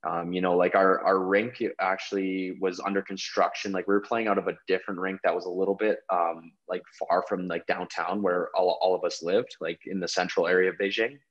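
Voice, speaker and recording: A man's voice: sits low, flat delivery, brisk, hardly any pauses, muffled recording. A young man, a pro hockey player, chatting as a guest on a remote call, rambling with lots of "like" fillers. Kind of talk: casual interview chat.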